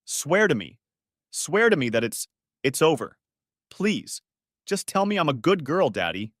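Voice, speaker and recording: A man's voice: fairly high pitch, sing-song, measured pace, fairly bright tone, dry recording, clean studio sound, pitched above the performer's own voice. A man voicing a distraught young adult daughter, tearful and pleading with her father. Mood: pleading, hysterical.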